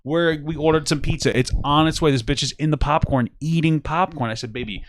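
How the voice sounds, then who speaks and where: A man's voice: fairly high pitch, brisk, no echo. A man, co-hosting a casual podcast, full of crude jokes and laughter. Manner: crude joking banter, laughs often. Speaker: podcast co-host. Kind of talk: casual chat.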